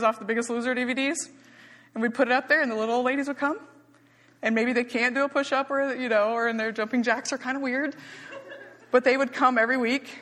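A woman speaks informally to a church about her missionary work, chatty and candid and teary at times. Her voice sits at an ordinary pitch, and the long reverb of a church hall trails each phrase. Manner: chatty and candid, laughing easily, softening when emotional. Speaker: missionary giving a church report.

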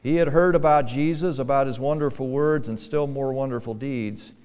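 A man's voice: medium pitch, moderate pace, darkish tone, clear, resonant tone. A man preaching a sermon to a church congregation, earnest, his voice swelling and dropping for emphasis. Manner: earnest, rising and falling for emphasis, acted-out pleading quotes. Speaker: pastor. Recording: reverberant church hall.

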